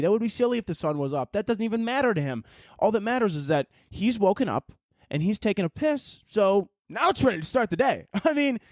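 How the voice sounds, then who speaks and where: A man hosting a solo podcast, rambling and swearing through animated stories, short on sleep and wired. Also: sits high, no room sound. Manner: rambling, profane, animated storytelling. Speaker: podcast host. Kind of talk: casual solo podcast monologue.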